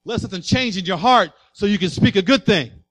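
A male pastor delivering a sermon, emphatic, swinging from quiet asides to loud passages and asking the congregation rhetorical questions. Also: high-pitched, brisk, soft background music.

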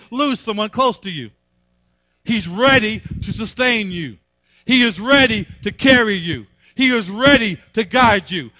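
High, forceful preaching man. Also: dry recording. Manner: emphatic, repetitive preaching. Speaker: pastor. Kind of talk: sermon.

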